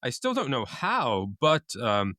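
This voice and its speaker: A man's voice: mid-range voice, huge pitch swings, slow, bright, forceful tone, no echo, studio quality. A man co-hosting a casual podcast, mildly explaining bits of history. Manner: mild, explains history facts. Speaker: podcast co-host. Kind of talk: casual chat.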